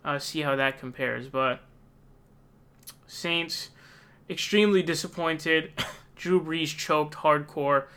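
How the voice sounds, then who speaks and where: A young man vents in a frustrated, profane rant, his voice pitched slightly high and sharply bright. His tone stays clear and crisp as he keeps returning to exasperated outbursts. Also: slow, long pauses. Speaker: sports fan ranting. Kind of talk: angry casual rant.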